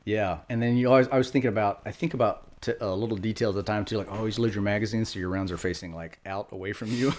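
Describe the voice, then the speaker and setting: A man's voice: lowish voice, fast, few pauses. A middle-aged man, a retired Marine, recounting his experiences in a loose, matter-of-fact way with fillers and restarts. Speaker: podcast guest, retired Marine. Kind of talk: casual storytelling interview.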